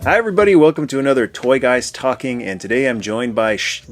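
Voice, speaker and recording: A man's voice: medium pitch, very animated, fast, faint music behind. Playful Canadian man hosting. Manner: playful, laughs often. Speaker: host. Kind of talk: casual chat.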